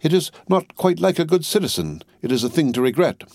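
A man reading the part of a cruel, bloodthirsty male juryman with a croaking voice. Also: fairly high pitch, sing-song, brisk, a little mellow, no room sound, studio quality, voice pushed up. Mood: relishing.

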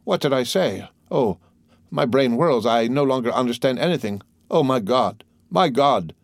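A man's voice: medium pitch, lively intonation, normal speed, no echo, voice pushed up, natural voice. A man voicing a desperate, terrified woman accused of poisoning, stammering and pleading in a dry, close recording. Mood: frantic.

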